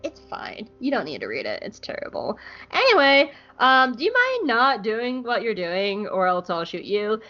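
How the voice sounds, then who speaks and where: A woman voicing a calm, menacing male alien admiral who makes threats in a flat, offhand way. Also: a little high, moderate pace, faint music behind, full character voice. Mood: deadpan. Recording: dull lo-fi podcast audio.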